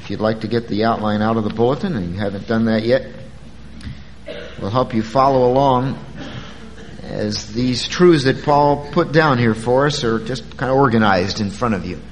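A man's voice: medium pitch, moderate pace, in a large hall, slight background noise, poor audio. A man preaching a sermon as pastor, talking in a conversational way and stretching key words for emphasis.

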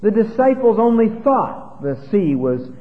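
A man preaching a sermon, swinging between loud exhortation and soft hushed asides, quoting scripture in old-style wording. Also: sits high, sing-song, unhurried. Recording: tinny phone-like sound with long hall reverb and faint hiss.

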